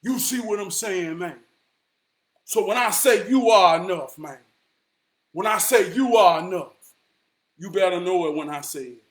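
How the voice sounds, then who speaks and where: High-pitched male vlogger, emphatic street-talk motivator who drops from shouting to near-whisper. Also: a little slow, long pauses. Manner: emphatic and preachy, swinging from shouts to hushed tones; repeats lines for emphasis, street slang.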